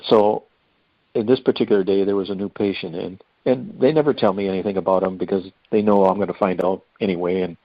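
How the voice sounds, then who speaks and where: A man's voice: deep voice, fairly even intonation, fast talker, dry recording. An older man, a guest in an interview, telling a rambling, folksy story. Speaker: hospice volunteer guest. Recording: dull lo-fi dry recording.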